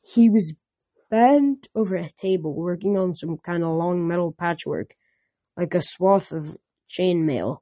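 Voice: medium pitch, animated, a little slow, mellow, no echo. A reader reading a novel aloud in first person, with frequent slips and restarts.

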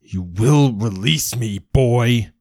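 A man voicing a zealous, controlling older father who shouts commands in an audiobook story. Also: sits low, steady tone, moderate pace, husky, no room sound, studio quality. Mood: furious.

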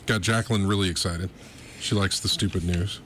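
A man's voice: low-pitched, fairly even intonation, brisk, crowd noise. A man hosting a radio talk show, chatting casually and rambling a little with restarts. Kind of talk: casual on-air chat.

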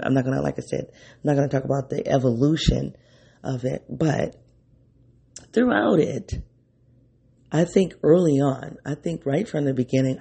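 A man's voice: mid-range voice, creaky, mellow, breathy edge. A man hosting an unscripted solo podcast in his early-morning voice, rambling and correcting himself as he thinks aloud. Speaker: podcast host.

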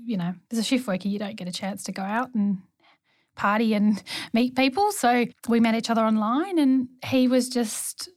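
A woman with a fairly high voice, a neonatal nurse practitioner, speaks as an interview guest. She tells her stories earnestly, in a dry and close recording. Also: normal speed, dry recording. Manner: warm storytelling, earnest. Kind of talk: conversational interview.

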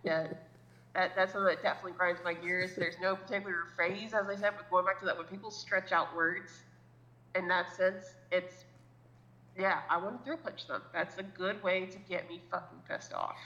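A woman's voice: on the low side, steady tone, normal speed, bright, forceful tone, highs cut off. A woman co-hosting a podcast in casual chat, rambling with many likes and restarts and swearing bluntly. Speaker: podcast co-host.

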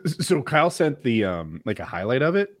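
Laid-back, amused man with a lively voice. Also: mid-range voice, brisk, no room sound, studio quality. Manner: laid-back, amused, mocks odd cheers. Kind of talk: casual chat.

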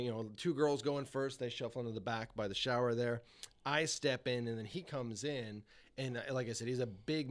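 Profane, animated male storyteller. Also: medium pitch. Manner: profane, animated, laughs often. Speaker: podcast guest. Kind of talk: casual storytelling.

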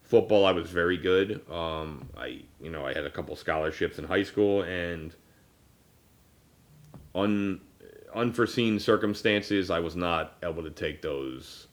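A man's voice: low-pitched, measured pace. A man in his thirties hosting a casual podcast, rambling with many fillers and restarts, and at times choked up. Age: 30s. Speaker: podcast host. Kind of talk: casual personal conversation.

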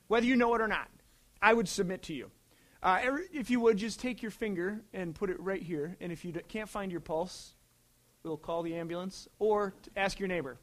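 High-voiced conversational male pastor. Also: fairly quick. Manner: conversational, dynamic swings from loud to quiet. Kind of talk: sermon.

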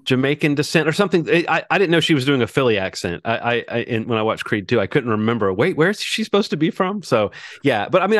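A man's voice: medium pitch, no echo, clean studio sound. A man co-hosting a podcast, chatting casually about films with many restarts. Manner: rambling, animated, many restarts. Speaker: podcast co-host. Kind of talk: casual film discussion.

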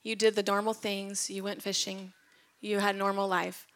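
A woman's voice: mid-range voice, level tone, moderate pace, a bit bright. A woman retelling Bible stories in a casual devotional talk. She tells them with animation and drops to a whisper at tender moments. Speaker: Bible teacher.

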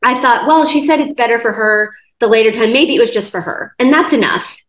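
A woman's voice: fairly high pitch, fairly quick. Chatty woman telling a story in an echoey room. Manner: lively retelling with many "like" fillers. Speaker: guest sharing a testimony. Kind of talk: conversational storytelling. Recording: roomy echo.

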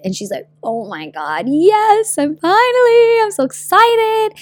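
A young woman giving a casual motivational talk about her own story, energetic and slangy, swearing freely and acting out what people say. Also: mid-range voice, no room sound. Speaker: speaker sharing a personal story.

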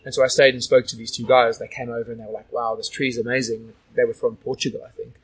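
Husky-voiced man telling rambling stories. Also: medium pitch, flat delivery, fast, rough recording. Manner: rambling, frequent "like" and "you know". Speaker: guest. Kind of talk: casual storytelling interview.

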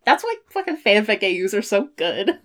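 A woman's voice: medium pitch, very animated, moderate pace. A young woman in a loose podcast conversation. She breaks into laughs often and swears casually. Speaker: podcast co-host. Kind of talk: casual chat.

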